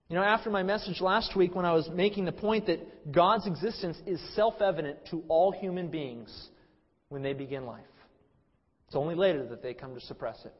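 Impassioned man preaching in a reverberant hall. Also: a little fast. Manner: impassioned, swings from loud emphasis to low hush. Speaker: pastor. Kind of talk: sermon. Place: church sanctuary. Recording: muffled sound in a hall with long reverb.

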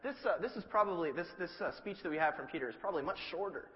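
A man preaches a sermon with a lively, swooping voice that sits a little high. He tells the story with humor and acts out little asides. The recording is dull and lo-fi, and a long hall reverb trails each phrase. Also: rapid-fire.

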